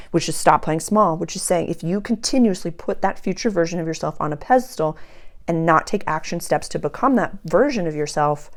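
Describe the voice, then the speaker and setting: A woman with a notably low voice gives a casual spoken astrology and tarot reading. She talks earnestly and emphatically, circling back to repeat key phrases.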